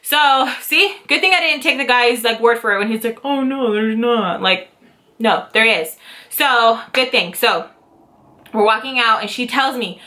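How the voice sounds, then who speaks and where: A woman in her twenties telling a story to camera in a casual vlog, animated and dramatic, with swearing and acted-out quotes. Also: a little high, moderate pace. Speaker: YouTube storyteller, mother.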